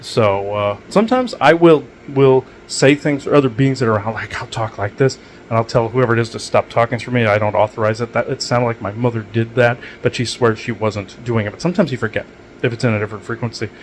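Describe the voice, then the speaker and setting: A man's voice: medium pitch, quick pace, slight background noise, rough recording. A man hosting his own show, talking alone at home in a loose, meandering way full of restarts and asides. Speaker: podcast host. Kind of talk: rambling solo monologue.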